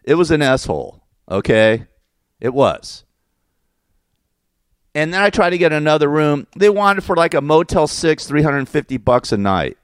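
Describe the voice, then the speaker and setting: A man with a slightly high, smooth, sing-song voice takes his time, pausing often as he rants casually about a personal experience for his vlog. Exasperated and rambling, he swears and corrects himself along the way. The sound is clean studio quality without echo.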